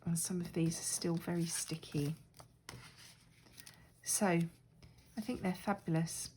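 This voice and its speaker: A woman's voice: fairly low pitch, steady tone, takes it slowly, warm tone, slight background noise, low-quality recording. A middle-aged woman chatting casually and rambling a little while she works on a craft project, poking fun at herself. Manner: chatty, rambling, self-deprecating. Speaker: crafting vlogger.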